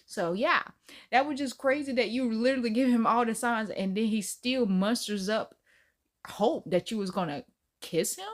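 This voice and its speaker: A woman's voice: on the high side, lively intonation, normal speed. A woman hosting a reaction video, chatting in a playful, slangy way and laughing often. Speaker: host reacting to clips. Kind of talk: casual reaction commentary.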